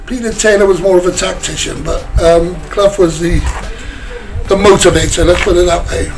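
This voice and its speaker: A man's voice: sits high, normal speed, faint music behind, rough recording. An older English man, a former footballer, telling chatty anecdotes in an interview and slipping into other people's voices. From England. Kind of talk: casual storytelling interview.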